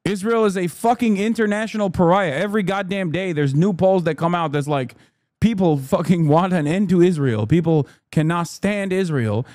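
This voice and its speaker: A man's voice: high voice, dry recording, clean studio sound. A man streaming heated, profane political commentary, often slipping into mocking voices. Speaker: streamer reacting to news.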